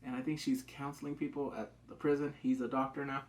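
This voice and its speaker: A man giving a rambling, excited recap of a TV show, full of fillers and loud acted-out yelps. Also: medium pitch, quick pace. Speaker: show reviewer. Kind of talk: casual spoken recap.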